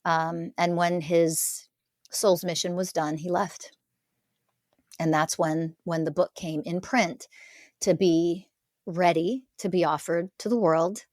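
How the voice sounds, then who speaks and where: A woman's voice: lowish voice, steady tone, takes it slowly, darkish tone, dry recording, studio quality. A middle-aged woman speaking earnestly as a podcast guest, making emphatic declarations about her spiritual teaching. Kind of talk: conversational interview.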